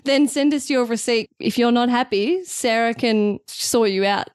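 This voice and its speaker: Woman podcast co-host, teasing and jokey, slightly high voice. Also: clean tone, dry recording, clean studio sound. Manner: teasing, joking, quick to laugh. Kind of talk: casual chat.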